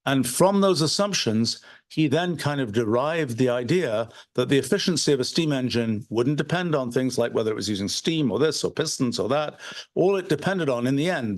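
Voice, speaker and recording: A man giving an unscripted livestream lecture, thinking aloud with frequent restarts and fillers. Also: medium pitch. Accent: British. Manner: halting, many restarts and fillers. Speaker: presenter of a livestreamed talk.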